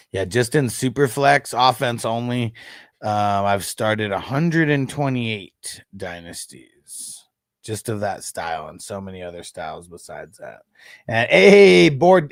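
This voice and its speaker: With a mid-range voice touched by vocal fry, the thirty-something fantasy football streamer laughs, swears and chats easily with his audience. The sound is clean studio quality without echo.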